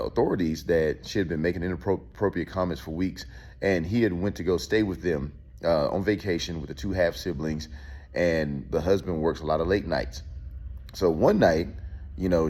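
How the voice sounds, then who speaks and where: Deep-voiced man in casual commentary. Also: a little mellow. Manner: loose and conversational, many fillers and restarts. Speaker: host.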